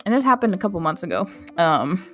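A woman's voice: fairly low pitch, big pitch swings, quick pace, soft background music. A young woman who works in a medical clinic tells a casual personal anecdote, chatty and incredulous, saying "like" often and laughing through it.

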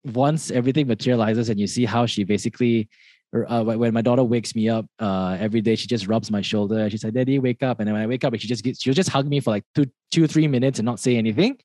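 A man's voice: medium pitch, fast, a little mellow, no room sound. A Malaysian man in his thirties talks as a podcast guest, in a loose chat full of restarts and easy laughs. His voice sits in a middle register. The sound is dry and close, with no room around it. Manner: rambling, many restarts, laughs often. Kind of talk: casual interview chat.

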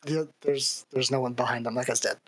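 A woman's voice: very deep voice, steady tone, brisk, fairly bright tone, husky, no echo. A woman narrating a live tabletop game as dungeon master, in a casual, easygoing way. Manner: casual, laughing, describes the action plainly.

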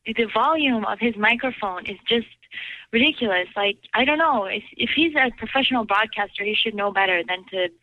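A woman's voice: on the high side, animated, fairly quick, dry recording, highs cut off. A woman caller chatting casually, rambling and giggling, with lots of fillers. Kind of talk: casual chat.

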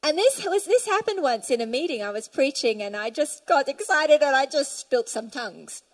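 A woman's voice: high-pitched, expressive, moderate pace, rough recording. Fervent woman preaching a sermon. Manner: fervent, reads scripture aloud and tells stories. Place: church.

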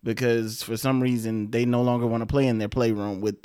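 Casting: relaxed dad-type man, mid pitch, dry close mic, anecdotal chat. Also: fairly quick, smooth, no echo. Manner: relaxed storyteller, acts out family quotes. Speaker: podcast co-host. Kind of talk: casual chat.

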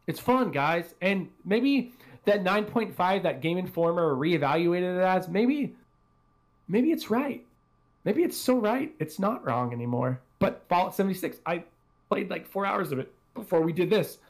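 A man's voice: sits high, animated, moderate pace. A man hosting a casual gaming podcast, rambling and swearing freely as he talks. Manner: rambling, profane, self-deprecating. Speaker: podcast host.

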